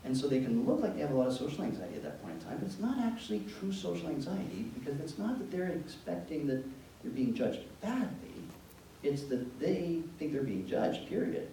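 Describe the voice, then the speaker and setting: A man giving an educational talk to parents, telling anecdotes in an animated, joking way. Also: on the high side, brisk. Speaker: presenter speaking to parents. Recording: echoey room from far off, faint background noise.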